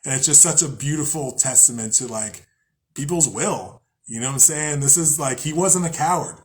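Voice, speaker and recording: Here a young man with a medium-pitched voice and moderate pace hosts a podcast about spirituality. His talk is casual and rambling, full of swearing, with self-directed laughter and the occasional acted-out angry voice.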